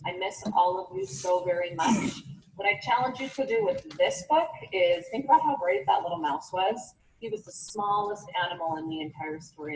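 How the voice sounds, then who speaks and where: Woman teacher, encouraging read-aloud, lively pitch, faint hiss. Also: distant mic, poor audio. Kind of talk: reading a picture book aloud to children.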